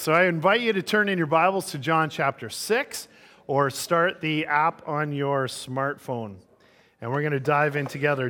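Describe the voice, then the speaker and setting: A pastor preaches to his congregation in a voice a little high for a man, telling stories with lively energy and acting out the characters in them. Each phrase trails off into the long reverb of a large hall.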